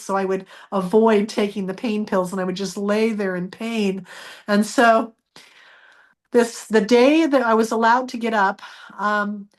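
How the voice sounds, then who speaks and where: A woman guest in an interview, earnestly telling a personal story and acting out the dialogue she remembers. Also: medium pitch.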